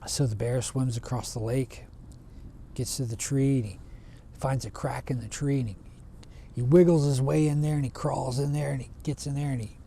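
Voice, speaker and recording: A man retelling a traditional folk tale in a relaxed, conversational way, often restarting his phrases. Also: mid-range voice, normal speed, gravelly, slight background noise. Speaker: storyteller. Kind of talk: casual oral storytelling.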